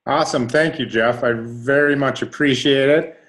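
A man's voice: mid-range voice, fairly even intonation, moderate pace, a bit bright. A man hosting a team call, thanking the guest speaker in a casual, appreciative way. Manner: appreciative, informal. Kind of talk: casual wrap-up.

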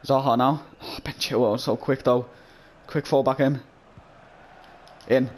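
A young man from England casually narrating his football video game, chatting and reacting excitedly to the play while sniffling. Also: mid-range voice, measured pace, a little hiss or hum. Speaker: gaming YouTuber. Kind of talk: casual gameplay commentary.

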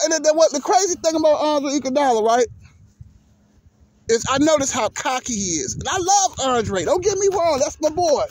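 Heated high-voiced man ranting. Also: noisy background. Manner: heated, cursing, repeats words. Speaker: vlogger. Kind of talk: profane sports rant.

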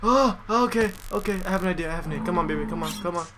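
A man commentating over his own video game playthrough, excitable and quick to yelp when something surprises him. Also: background noise. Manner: excitable, yelps and jumps in pitch when surprised. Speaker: gaming channel host. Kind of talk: let's play commentary. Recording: music playing behind the voice.

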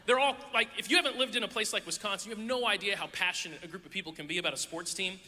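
A man's voice: sits high, rapid-fire, bright, forceful tone. A man preaching a sermon to a church audience, a playful storyteller who acts out the voices in his stories. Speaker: youth pastor. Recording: echoey hall.

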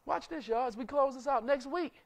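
A male pastor preaching a sermon, driving it with repeated rhetorical questions, call-and-response, and sudden shouts. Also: very high voice, brisk, gravelly.

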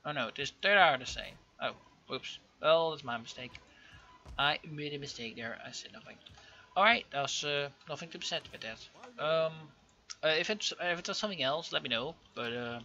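A young man giving casual, rambling commentary over a strategy game, full of ums and self-corrections, with excitable outbursts. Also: fairly high pitch, normal speed, slight background noise. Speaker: gaming channel host. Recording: dull lo-fi home mic.

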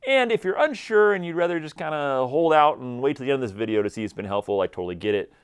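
A man giving energetic, conversational dog training advice directly to his viewers. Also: mid-range voice, fast talker, clear, resonant tone. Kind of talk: instructional talk to camera.

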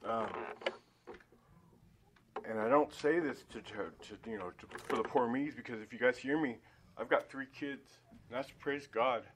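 A man giving his personal testimony at a church Sunday school, speaking haltingly with many fillers and restarts, often emotional. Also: medium pitch, background noise.

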